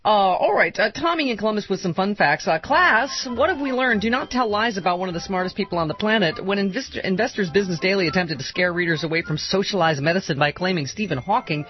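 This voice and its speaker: A woman's voice: on the low side, fast, hardly any pauses, dull audio. A woman hosting political comedy talk radio, wisecracking and reading listener mail with sarcasm. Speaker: radio talk show host.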